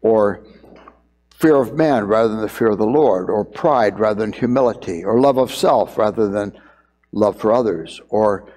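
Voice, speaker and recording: A man's voice: lowish voice, moderate pace, darkish tone. Conversational older male preacher, echoey hall. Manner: conversational, repeats words while thinking. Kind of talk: sermon.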